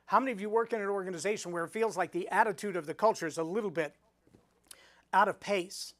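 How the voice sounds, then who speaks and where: A middle-aged speaking coach teaches storytelling in a live webinar, animatedly acting out the voices he quotes. He speaks at a quick pace in a high-pitched voice.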